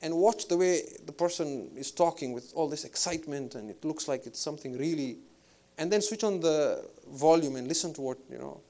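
A man giving an Islamic spiritual lecture in a measured, reflective way, pausing with fillers as he thinks. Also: fairly high pitch, dark tone. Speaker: Islamic preacher.

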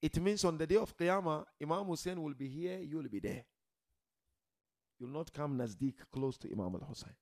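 Gravelly, animated male preacher. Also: moderate pace. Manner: emphatic, swings from loud declarations to low murmurs; addresses the audience directly. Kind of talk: religious sermon. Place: gathering hall with a seated audience.

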